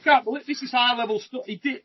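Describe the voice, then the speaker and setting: A British man hosting a casual podcast, jokey and lively, reading out viewer questions over a video call. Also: very high voice, quick pace, very noisy. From Britain. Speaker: host. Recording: muffled video-call audio.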